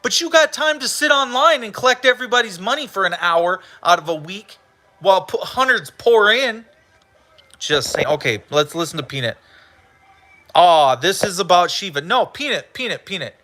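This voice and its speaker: Profane ranting man with a bright voice. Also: sits high, expressive, moderate pace. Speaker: livestream host. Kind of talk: heated livestream rant.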